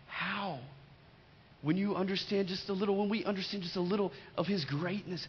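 A middle-aged male pastor delivers a sermon in a high voice. He hammers key lines by repeating them and drifts into joking personal stories. The sound is dull and lo-fi, with a long hall reverb trailing his words. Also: normal speed, slight background noise.

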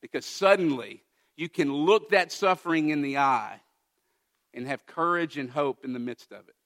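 A man's voice: fairly high pitch, expressive, moderate pace. Earnest male pastor preaching. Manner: earnest, builds to emphatic peaks then drops to soft, quiet tones. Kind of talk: sermon. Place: church.

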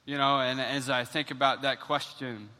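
Man preaching in church, high bright voice, stumbles and repeats words, big echoey hall. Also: moderate pace. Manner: animated storytelling, repeats words when excited. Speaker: pastor. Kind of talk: sermon with personal story. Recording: long church hall reverb.

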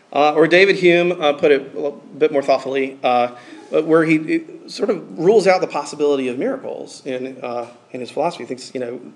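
A man giving a casual, conversational sermon, talking informally with many fillers like "like" and "um". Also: medium pitch.

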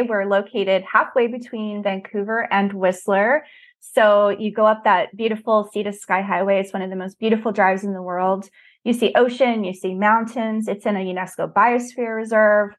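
An enthusiastic woman speaking as a podcast guest. Her voice sits at an ordinary middle pitch. She talks in a casual, upbeat and friendly way. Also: normal speed. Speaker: guest, ski resort expert. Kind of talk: casual interview chat.

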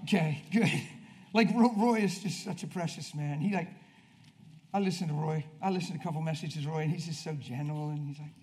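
A man with a high voice preaches with fire to a church congregation. He shouts the big lines, then drops to soft, chatty asides. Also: a little fast. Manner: intense, shouting bursts then quiet confiding asides. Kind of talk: passionate sermon.

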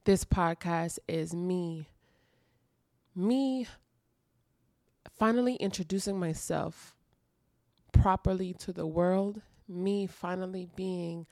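Slow, earnest woman podcaster. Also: fairly low pitch, darkish tone, no room sound, studio quality. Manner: emotional, earnest, repeats phrases for emphasis. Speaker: podcast host. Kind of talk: intimate confessional podcast monologue. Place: dark room at home.

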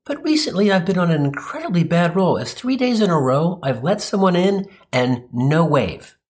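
A man's voice: high voice, very animated, moderate pace, darkish tone. A man telling a comedic story as a monologue, ranting in an exasperated, sarcastic way.

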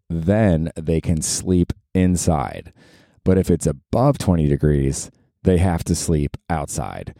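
A man in his forties from Florida telling a story on his podcast, casual and profane, jumping into high exasperated outbursts. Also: no room sound, studio quality. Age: 40s. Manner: animated, swearing, swooping up into high exasperated outbursts. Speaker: podcast host.

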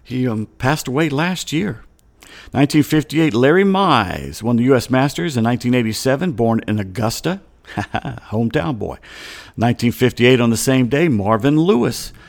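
A man's voice: medium pitch, expressive, normal speed. A man hosting a sports talk show, reading off sports history in a conversational way with offhand asides. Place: Atlanta studio.

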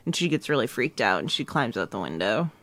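A woman's voice: a bass voice, big pitch swings, brisk, fairly bright tone, no room sound. A woman co-hosting a podcast, recapping a TV episode in casual chat, giggly and wry. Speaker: podcast co-host.

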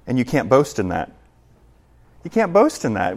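A man preaching a sermon in a church as pastor, emphatic, shifting between loud passages and hushed ones. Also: medium pitch, wildly swooping pitch, normal speed.

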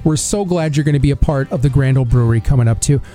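A man's voice: mid-range voice, racing, mellow, soft background music. A man hosting a radio interview in a studio, upbeat and effusive with his guest. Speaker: radio host.

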